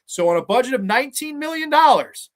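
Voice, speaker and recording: A man in his twenties hosting a show, telling stories and reviewing movies in an animated, profane, rambling way. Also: very high voice, brisk. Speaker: host. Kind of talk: casual storytelling and movie commentary.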